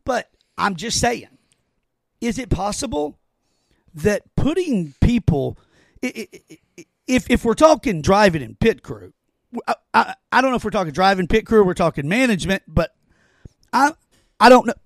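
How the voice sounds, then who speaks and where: A man hosting a podcast talks in a high, lively voice that leaps up and down as he gets excited. He repeats himself and stumbles when he presses a point. His voice sounds dry and close to the mic. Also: moderate pace, creaky, long pauses, no echo. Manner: animated, excitable, stammers when making a point. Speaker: podcast host. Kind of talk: casual chat.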